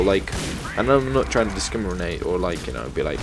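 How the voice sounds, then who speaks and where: A man's voice: low voice, very animated, normal speed. A man ranting and swearing as he tells a story while playing a video game. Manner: annoyed, swearing, rambling. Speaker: gaming channel host. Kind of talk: storytime rant over gameplay. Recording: game gunfire noise behind voice. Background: game gunfire and explosions.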